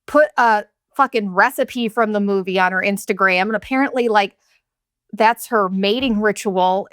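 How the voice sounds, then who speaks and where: A woman's voice: mid-range voice, a bit bright, no echo, studio quality. A woman in her thirties hosting a podcast, ranting in a candid, profane, sarcastic and rambling way. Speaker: podcast host. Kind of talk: casual solo podcast rant.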